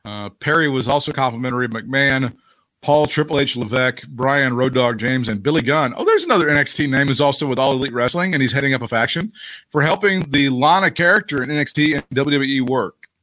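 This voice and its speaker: A man co-hosting a casual podcast, crude and animated, laughing often at his own jokes. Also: medium pitch, fast talker, no echo, clean studio sound. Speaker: podcast co-host.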